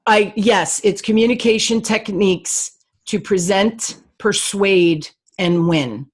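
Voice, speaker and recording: A woman's voice: mid-range voice, slow pace, breathy edge. A woman with a New Jersey accent, a coach speaking as a podcast guest from her home office over a remote call, talking with lots of energy and enthusiasm. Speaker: guest, sales and communication coach. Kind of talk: casual interview chat.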